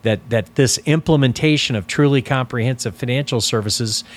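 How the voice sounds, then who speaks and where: Male business coach, deliberate and emphatic, explaining step by step in an instructional talk. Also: mid-range voice. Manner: deliberate, emphatic, stresses key words. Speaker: business coach for financial advisors.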